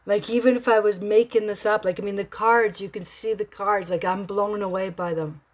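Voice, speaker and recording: A woman gives a live tarot card reading for someone in a mid-range voice at a moderate pace. She's expressive, swinging between excited bursts and hushed whispers.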